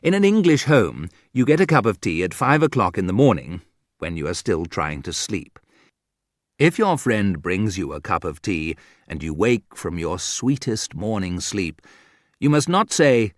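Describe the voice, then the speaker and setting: A man reading a humorous book aloud in a dry, wry manner, with sudden lifts in pitch. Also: sing-song, measured pace, no room sound. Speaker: audiobook narrator. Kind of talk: scripted humorous narration.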